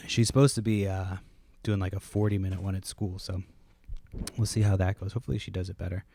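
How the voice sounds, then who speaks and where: Low-voiced man rambling on a podcast. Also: level tone, fast, creaky, dark tone. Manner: rambling, profane, laid-back storytelling. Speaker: podcast host. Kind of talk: casual solo podcast rambling. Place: at home.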